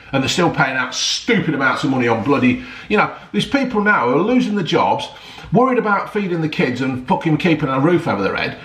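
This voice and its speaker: A man's voice: medium pitch, fairly bright tone, echoey room. A middle-aged man, ranting heatedly about football, swearing often and rambling with lots of "right?" and "yeah?". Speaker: football vlogger. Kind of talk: ranting vlog.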